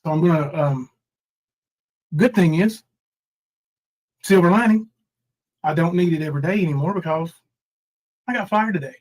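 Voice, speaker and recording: A man's voice: fairly high pitch, normal speed, long pauses, a little mellow, poor audio. Chatty man rambling on a livestream. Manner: rambling, reads chat names aloud, mock crying bits. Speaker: livestream host. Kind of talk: casual livestream chat.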